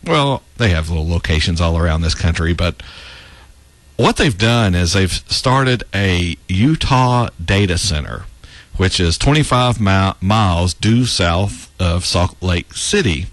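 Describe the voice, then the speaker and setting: A man's voice: sits low, expressive, a little slow, no echo. A man hosting a talk show, giving casual political commentary in a sarcastic tone and laughing at his own remarks. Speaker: radio talk show host.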